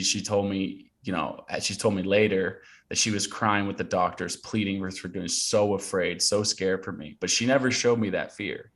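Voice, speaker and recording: A man in his thirties from Portland, Oregon, a guest telling a personal story in a casual interview, earnest and animated, with many fillers and restarts. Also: lowish voice.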